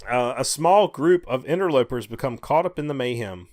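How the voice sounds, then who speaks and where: A relaxed man co-hosts a podcast in casual chat, working his way through listings and tossing in offhand remarks. His voice sits at an ordinary middle pitch. The sound is dry and close. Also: a little fast, no echo. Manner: relaxed, reads release lists with asides. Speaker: podcast co-host.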